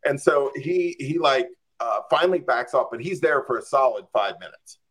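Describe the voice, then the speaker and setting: A man's voice: mid-range voice, expressive, normal speed, fairly bright tone. A man telling a story as a podcast guest, acting out his own reactions with lots of "like.". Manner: frequent "like" and "I'm just like". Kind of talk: casual storytelling.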